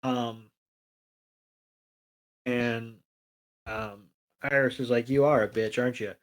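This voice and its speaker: A man's voice: medium pitch, expressive, slow pace, gravelly, low-quality recording. A man co-hosting a podcast, recapping a cartoon episode in crude, sarcastic casual chat. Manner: crude, profane, sarcastic retelling. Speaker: podcast co-host.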